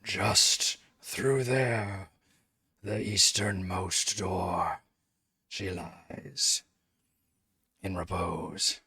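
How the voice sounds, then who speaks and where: A man voicing an ancient undead male lord, cold and commanding, speaking slowly in a hushed half-whisper. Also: low-pitched, fairly even intonation, husky, exaggerated voice. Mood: cold menace.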